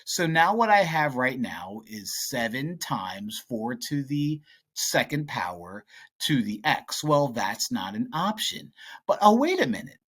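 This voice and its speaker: A man's voice: mid-range voice, a bit bright, breathy edge. A man teaching as a math tutor, talking through test problems in a chatty, playful way with jokey asides. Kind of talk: casual tutoring walkthrough.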